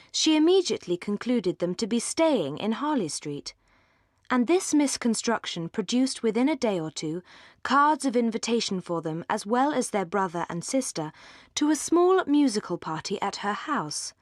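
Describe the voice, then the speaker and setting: Audiobook narrator, woman, mid pitch, measured and articulate, dry close sound. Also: animated, no echo. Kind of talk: scripted narration.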